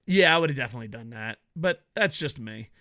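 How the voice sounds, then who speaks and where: A man reviewing a wrestling event in a casual, profane rant, joking at his own expense and often breaking into yells. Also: mid-range voice, expressive, quick pace. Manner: profane, ranting, bursts into yelling; jokey, laughs at own rants.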